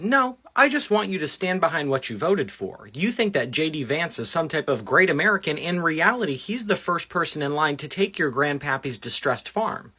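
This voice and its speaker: Raspy, animated man scolding sarcastically. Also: on the high side, moderate pace, hardly any pauses. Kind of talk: angry social media rant.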